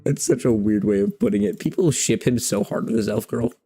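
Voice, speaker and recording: A man's voice: medium pitch, very animated, fairly quick, creaky, mellow, breathy edge. A young man streaming a game, chatting casually and rambling, searching for words and using loose slang. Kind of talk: casual chat while playing a game.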